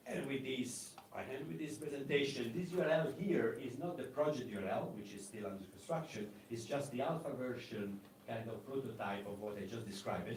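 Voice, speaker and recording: Man presenting in an echoey conference room. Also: medium pitch. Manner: halting, many fillers and restarts. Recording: echoey room, mic at a distance, faint noise.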